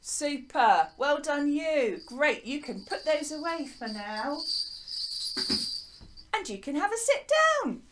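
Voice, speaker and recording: A woman teaching a lively music lesson to young children, encouraging them and chanting rhythms for them to copy. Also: high-pitched, takes it slowly, slight background noise. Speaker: primary school music teacher.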